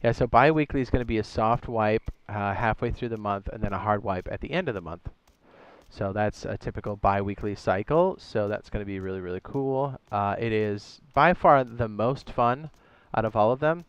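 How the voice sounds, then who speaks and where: A streamer who also runs a server hosts a laid-back gaming livestream, chatting easily, reading viewer messages and frequently correcting himself. His smooth, resonant voice sits on the low side at a moderate pace, recorded close and dry with no echo and the highs cut off.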